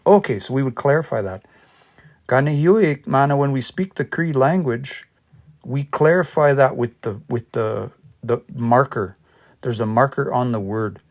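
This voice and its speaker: A man's voice: medium pitch, lively intonation, normal speed, darkish tone. A man leading a casual livestream language lesson. He thinks aloud and spells words out letter by letter while patiently working through examples. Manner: explains patiently with worked examples. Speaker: language learner teaching a livestream study session.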